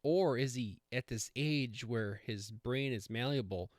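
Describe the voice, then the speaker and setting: A man's voice: mid-range voice, unhurried, no echo, studio quality. A man hosting a casual solo podcast, rambling with many fillers and self-corrections. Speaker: podcast host.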